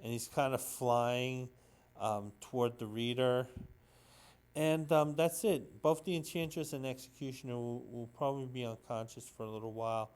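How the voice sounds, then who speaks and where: A man talks through an old comic book issue in a loose, unscripted recap. His voice sits at an ordinary middle pitch, and he stops often for ums, repeated words and searches for the right term. He sounds sentimental about the story as he goes. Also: fairly even intonation, normal speed, a little mellow. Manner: rambling, hesitant, full of ums and restarts. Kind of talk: casual solo comic recap.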